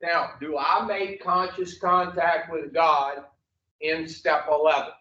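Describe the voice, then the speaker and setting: A man's voice: a little high, fairly even intonation, slow, sharp tone. A man teaching an addiction recovery class, blunt and profane, quizzing the group and drawing answers back from them. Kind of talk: classroom teaching with call-and-response. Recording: echoey room, far from the mic, dull lo-fi.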